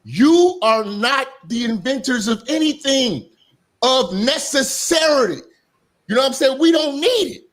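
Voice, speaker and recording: High-pitched man lecturing emphatically. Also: animated, measured pace, a bit bright. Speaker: debate guest. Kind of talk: heated streamed debate.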